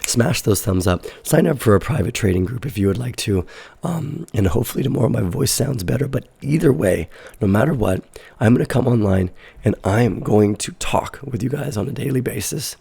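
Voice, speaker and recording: A hoarse man with a stuffy nose and a heavily gravelly, husky low voice walks through a market chart in a loose, rambling way. His tone is dark and mellow, recorded close and dry with no room sound. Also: lively intonation, fairly quick, dry recording. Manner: loose, rambling explanation with self-corrections. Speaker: crypto trading show host. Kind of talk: casual live market analysis.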